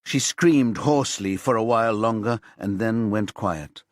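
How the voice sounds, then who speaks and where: A man narrating a crime thriller audiobook in a lively, tense manner. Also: fairly low pitch, unhurried, dry recording, clean studio sound. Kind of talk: scripted narration.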